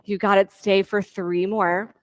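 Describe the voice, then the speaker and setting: A woman leading a yoga class, calmly cueing moves and breaths and counting reps with encouragement. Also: medium pitch, measured pace. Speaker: yoga instructor. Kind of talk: guided yoga class cues.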